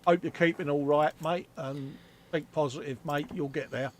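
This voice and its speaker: A man's voice: a little high, steady tone, normal speed. A man co-hosting a live stream, casually reading out chat messages and greeting viewers by name. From United Kingdom.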